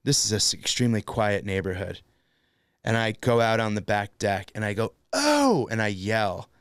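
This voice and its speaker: A man hosting a casual comedy podcast, telling a self-deprecating story with lively energy and acted-out outbursts. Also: fairly low pitch, moderate pace, smooth, no echo, studio quality. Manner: animated, self-deprecating storyteller, acts out his own shouts. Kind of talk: casual chat.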